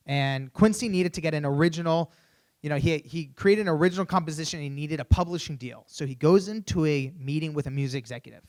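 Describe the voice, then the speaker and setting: Young male keynote speaker, animated storyteller, slightly high voice, stage mic. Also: fast. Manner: animated storyteller, frequent "you know". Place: conference stage at a hotel.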